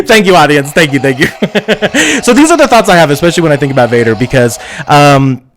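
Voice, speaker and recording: A man's voice: high voice, big pitch swings, normal speed, long pauses, a bit bright. A man hosting a live stream show in a campy, sassy, giggly way, chatting casually with his viewers.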